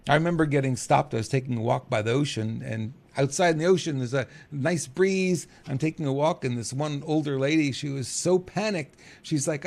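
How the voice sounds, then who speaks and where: A middle-aged man talking in a casual monologue as a podcast host, animated and chuckling, acting out quotes. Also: normal speed, gravelly. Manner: animated, acts out quotes with big pitch jumps, chuckles.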